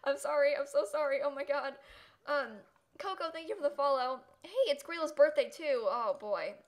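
A young woman streaming a life-sim game, chatting casually with viewers, giggling often and quick to dramatic outbursts. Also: sits high. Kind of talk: live gameplay commentary.

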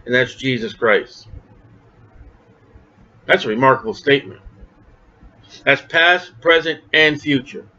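A man teaching a verse-by-verse Bible study sermon in an animated, conversational way, acting out the voices of the people he quotes. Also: mid-range voice, a little slow, long pauses. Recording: dull lo-fi recording.

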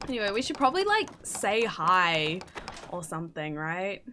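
A young woman giving casual, excitable gameplay commentary, gasping and swearing as she plays. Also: fairly low pitch, moderate pace, a little hiss or hum. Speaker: gaming streamer.

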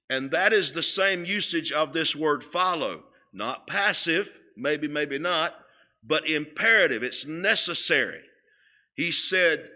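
Guy teaching sunday school, slow n emphatic, bright punchy voice. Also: on the high side. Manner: slow and emphatic, stretching key words, often repeating words. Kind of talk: sermon-style Bible lesson. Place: church sanctuary.

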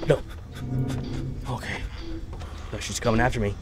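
A man commenting on a horror game playthrough, jumpy and swearing, shouting when startled. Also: mid-range voice, big pitch swings, normal speed, pauses often, over loud music. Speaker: gaming video host.

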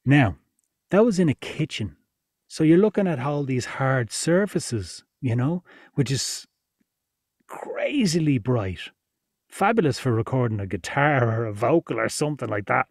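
A man's voice: mid-range voice, very animated, unhurried, darkish tone, no echo, studio quality. A man giving a chatty, informal workshop lesson, laughing now and then as he explains. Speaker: podcast production instructor. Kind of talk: casual workshop teaching.

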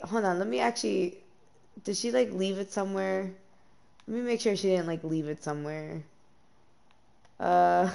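A young woman streaming a life-sim game, chatting casually with lots of ums and quick bursts of dismay. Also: fairly low pitch, steady tone, gravelly, a little mellow. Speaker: gameplay streamer. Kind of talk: casual gameplay commentary.

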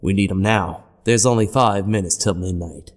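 A man voicing a gruff, impatient police captain who talks bluntly and demandingly. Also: sits low, moderate pace, soft background music, close to an everyday voice. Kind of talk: horror story narration voice acting.

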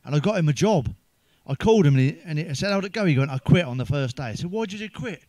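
An English stand-up comedian fires off crude one-liners, swearing freely and chuckling at his own punchlines. His voice sits a little high for a man. The sound is dry and close, with no room echo. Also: animated, quick pace, darkish tone. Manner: swears heavily, laughs at his own jokes; sips a drink between jokes.

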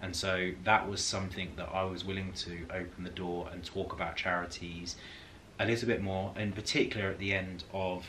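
A man's voice: sits low, flat delivery, normal speed, fairly bright tone, slight background noise. A man casually chatting with his wife in a couple Q&A video, joking and laughing. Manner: laughs often, jokey and self-mocking. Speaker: vlog host. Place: home.

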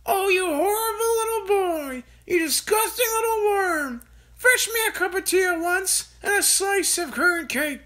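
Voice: lively intonation, unhurried, exaggerated voice. A bossy old grandma. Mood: demanding. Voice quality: screeching, shrill. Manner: yells demands and insults. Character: bossy, shrieking old grandmother, huge and bad-tempered. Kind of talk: storybook read-aloud.

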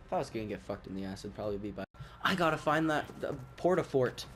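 A man's voice: lowish voice, lively intonation, fast, a bit bright, soft background music. Profane, rambling young gaming commentator man. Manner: profane, rambling, jumpy outbursts. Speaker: gaming YouTuber. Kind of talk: gameplay commentary.

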